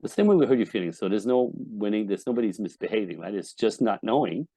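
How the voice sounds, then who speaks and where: Man, relationship coach on a podcast, low dark voice, blunt and swearing, dry close sound. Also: expressive, quick pace, no echo. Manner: blunt and emphatic, swears often; acts out quoted voices of wives and husbands. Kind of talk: candid podcast interview.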